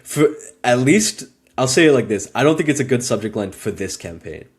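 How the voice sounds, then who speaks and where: A man explaining a workflow in a relaxed, step-by-step way during a casual chat. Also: medium pitch, brisk, husky. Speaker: guest demonstrating software. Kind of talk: casual screen-share walkthrough.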